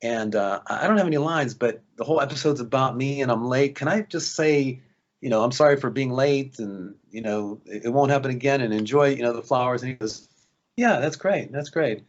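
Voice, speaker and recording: A man's voice: mid-range voice, brisk, dull audio. A man, an actor guest, telling anecdotes in a casual interview and acting out the voices of people he quotes. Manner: animated, acts out quoted voices.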